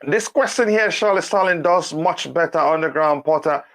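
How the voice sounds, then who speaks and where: A man hosting a casual live football review, reading out player stats with many fillers and pauses. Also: fairly high pitch, a bit bright. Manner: halting, reads stats aloud with many fillers. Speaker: host of a football review show.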